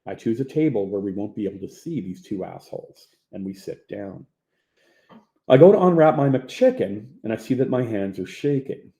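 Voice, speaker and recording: A man narrating his own memoir as an audiobook in a plain, low-key manner. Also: animated, normal speed, mellow. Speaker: author reading his own book.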